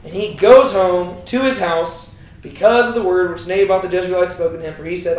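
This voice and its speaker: Young male Bible teacher, casual and chatty, high voice, heavy room echo. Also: steady tone, a little fast, a little mellow. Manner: chatty, keeps asking right?. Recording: very echoey room.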